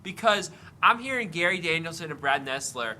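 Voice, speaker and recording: A young man co-hosting a sports talk show, excitable and slangy, calling people dude and bro. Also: on the high side, normal speed, a little hiss or hum. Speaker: podcast co-host. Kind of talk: casual sports chat.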